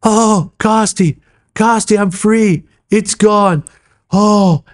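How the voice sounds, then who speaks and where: A man's voice: a bass voice, level tone, fairly quick, a little mellow, breathy edge, pitched below the performer's own voice, full character voice. A man acting out the voice of an erratic, menacing possessed man while telling a story in conversation. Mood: frantic. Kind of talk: acted quote in spoken storytelling.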